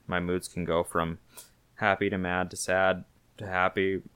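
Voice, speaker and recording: A man's voice: low voice, level tone, measured pace, fairly bright tone, clear, resonant tone, dry recording. A man, co-hosting a podcast in casual chat, joking around and stumbling over restarts. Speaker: podcast co-host.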